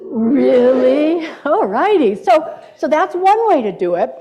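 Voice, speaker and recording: A woman's voice: sits high, big pitch swings, normal speed, darkish tone. A middle-aged woman minister giving a playful sermon in a church and leading the congregation in call-and-response. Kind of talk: sermon with audience participation. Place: church sanctuary. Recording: dull lo-fi church recording.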